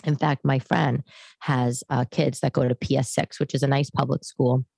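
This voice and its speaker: In her living room, a New York podcast host in her thirties delivers a rambling, self-deprecating monologue to a home camera. Her rumbling low voice has vocal fry and a darkish, slightly rough quality, at a level tone and normal speed, with no room sound.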